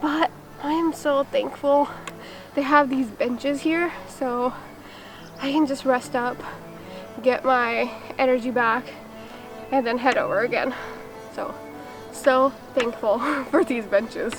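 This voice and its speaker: A woman's voice: high-pitched, fairly even intonation, slow pace, pauses often, music in the background, rough recording. A woman filming a casual vlog outdoors on a steep forest trail, out of breath and chatty, poking fun at herself. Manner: breathless, chatty, self-deprecating. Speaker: vlogger.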